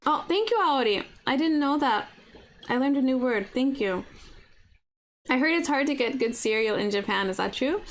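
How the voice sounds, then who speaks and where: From her apartment, a young woman runs a casual breakfast livestream, chatty and full of "like" fillers as she reads viewer comments and responds to them as they come in. She talks at a moderate pace in a high-sitting voice with lively intonation.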